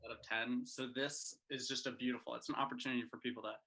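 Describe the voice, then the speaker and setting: A man in his twenties from Massachusetts, chatting casually as a guest on a video-call interview, quick with jokes. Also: medium pitch, steady tone, pushed and bright, husky. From Massachusetts, USA. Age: 20s. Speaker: singer and guest.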